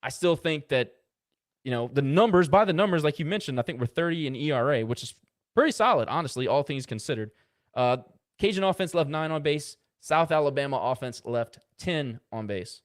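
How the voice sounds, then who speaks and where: A man's voice: a little high, animated. Casual male sports podcast co-host. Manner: rattles off box-score stats with quick asides.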